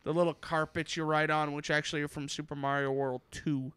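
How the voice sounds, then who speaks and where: A young man chats on a gaming podcast in a bright, crisp voice pitched a little high. He talks animatedly, swears freely and now and then slides into put-on voices. The room sound is dry and close. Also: flat delivery, a little fast. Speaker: podcast co-host. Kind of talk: casual chat.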